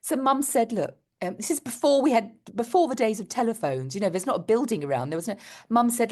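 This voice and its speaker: Speaking fast with a slightly high voice, a middle-aged woman trades stories as co-host of a laid-back podcast. She's lively in her telling and breaks into laughter frequently.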